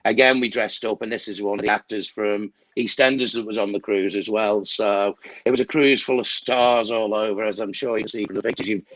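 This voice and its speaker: A man's voice: lowish voice, fairly even intonation, fairly quick, few pauses, fairly bright tone, dry recording, highs cut off. A man chatting casually as a guest on a video call, laughing often. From England. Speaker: guest travel agent.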